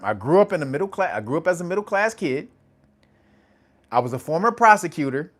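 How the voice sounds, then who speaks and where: High-pitched guy doing casual commentary, swears a lot, keeps cracking himself up. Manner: laughs often, profane, animated storytelling. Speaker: channel host.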